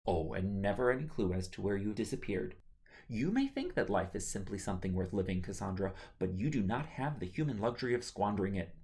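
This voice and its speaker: A woman's voice: rumbling low, sing-song, a little fast, mellow, heavily acted. A man reading his own novel aloud, voicing a stern queen mother who scolds her children in a harsh tone. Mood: scolding. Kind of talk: audiobook narration.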